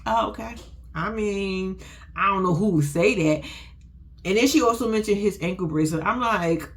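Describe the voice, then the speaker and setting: A woman giving casual, animated commentary on a reality show, laughing often and swearing freely. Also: medium pitch, moderate pace. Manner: animated, laughing, profane, sassy.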